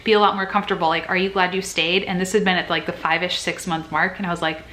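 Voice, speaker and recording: Young female nurse vlogger, casual and earnest, slightly low pitch, faint room noise. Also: little pitch movement, quick pace, pushed and bright. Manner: chatty and earnest, acts out her own past worries. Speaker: nurse sharing advice. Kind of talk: casual vlog chat.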